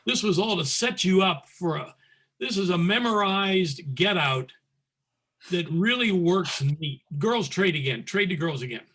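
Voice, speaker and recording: This man has a fairly high voice for a man. He is teaching square dance calling over a video call and breaks his moves into crisp, clipped commands between steady explanations. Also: measured pace. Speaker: square dance caller presenting. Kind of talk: teaching talk, calling demonstration calls.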